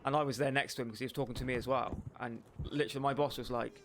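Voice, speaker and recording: A man's voice: mid-range voice, fairly even intonation, rapid-fire, noisy background. A young man streaming a shooter game, chatting casually, rambling and swearing with lots of filler words. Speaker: gaming streamer. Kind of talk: casual chat while gaming. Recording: game gunfire loud behind voice. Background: gunfire and game sounds.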